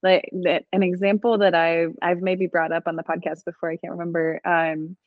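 A woman hosting a podcast, speaking gently and reflectively with some hesitations. Her voice is somewhat low. The sound is dry and a little dull, as if from a modest mic. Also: flat delivery, fairly quick, no echo. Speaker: podcast host. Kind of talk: casual conversation.

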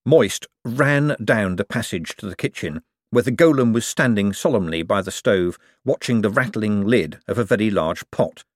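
Expressive male audiobook narrator. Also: lowish voice, normal speed, few pauses, no echo, studio quality. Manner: expressive, wry storytelling. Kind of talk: scripted narration.

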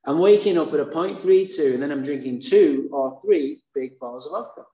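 Man, mellow-voiced, blunt and profane storyteller with dark humor, echoey room. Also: on the high side, fairly quick. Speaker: speaker sharing his recovery story. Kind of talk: candid personal storytelling. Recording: roomy echo.

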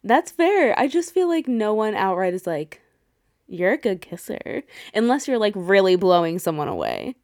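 A woman's voice: medium pitch, huge pitch swings, normal speed, hardly any pauses, darkish tone, dry recording, studio quality. A woman in her thirties co-hosting a podcast, casually recapping a movie with frequent laughs, swearing and acted-out quotes. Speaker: podcast co-host. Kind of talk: casual movie rewatch chat.

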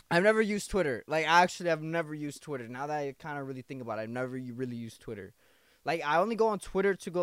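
A man's voice: a little high, no room sound. A man in his twenties hosting a casual podcast, rambling, repeating himself, swearing and calling the listener bro. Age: 20s. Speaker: podcast host. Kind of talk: casual confessional podcast monologue.

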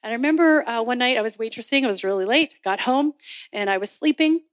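A high-pitched woman shares her faith story from the pulpit, bouncing between narration and playful acted-out voices. The sound is dry and close, with no room echo. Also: fast. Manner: animated storytelling, acting out quoted voices; laughs often while telling. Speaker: speaker at a Bible college chapel. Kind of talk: personal testimony in a sermon.

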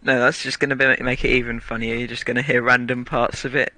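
A man chatting casually with friends on an online call, animated and laughing a lot. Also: mid-range voice, fast talker, over a noisy crowd. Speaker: friend in a chat.

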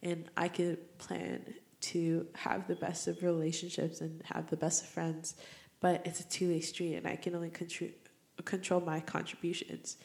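A young woman hosts her own podcast, speaking alone in a casual, heartfelt way. Her voice sits a little low and carries a gravelly fry. She rambles and reflects as she goes. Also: monotone, moderate pace, a little mellow. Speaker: podcast host. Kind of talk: casual solo podcast monologue.

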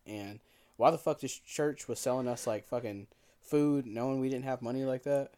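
A young man co-hosting a casual podcast, spinning stories with loose, profane energy and laughing often. His voice sits at an ordinary middle pitch. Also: moderate pace, dark tone. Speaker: podcast co-host. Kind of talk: casual storytelling chat.

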